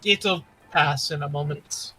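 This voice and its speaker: A man voicing a guarded young woman adventurer in a tabletop game, speaking quietly and haltingly. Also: fairly high pitch, pitched below the performer's own voice, full character voice, rough recording. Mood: hushed.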